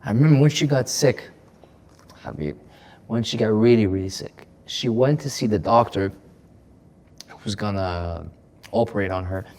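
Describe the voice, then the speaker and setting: A man with a somewhat low voice speaks as a guest on a podcast. He tells stories with lively energy, doubling back on words and breaking into laughter. His tone is open and emotional throughout the conversation. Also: normal speed. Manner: animated storyteller, repeats words, laughs often. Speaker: comedian guest. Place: podcast studio.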